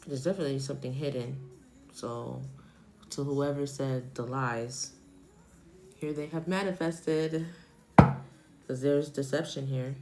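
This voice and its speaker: A woman's voice: rumbling low, fairly even intonation, a little slow, long pauses, a little mellow, soft background music, poor audio. A woman in her forties giving a casual, chatty tarot reading on a live stream, thinking aloud and wandering off topic. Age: 40s. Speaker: tarot reader.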